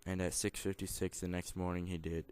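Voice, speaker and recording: A young man reads a children's rhyming storybook aloud without putting on voices. His voice sits very low and level, with a smooth, clear tone, and he stumbles and corrects himself now and then. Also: level tone, fairly quick, a little mellow. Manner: plain, mostly unvoiced reading with small stumbles and self-corrections. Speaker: student reader. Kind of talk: reading a picture book aloud.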